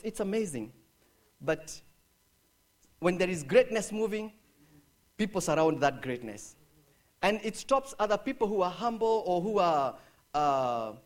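Animated preacher man, high voice. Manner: dramatic, swings from hushed to shouting; acts out quotes with shifts in voice. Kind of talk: sermon.

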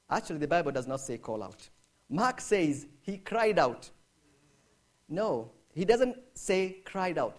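A man with a high, lively voice delivering a sermon. He swings from quiet, low asides to loud, shouted cries. He acts out the people in his story with shifts in voice. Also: measured pace. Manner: dramatic, swings from hushed to shouting. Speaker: preacher.

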